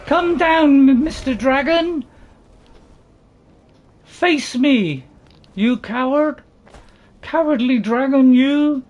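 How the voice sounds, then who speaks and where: A man voicing a boastful young woman shieldmaiden who shouts theatrical taunts in a video game. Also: very high-pitched, level tone, unhurried, few pauses, highs cut off, voice pushed up, exaggerated voice. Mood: taunting.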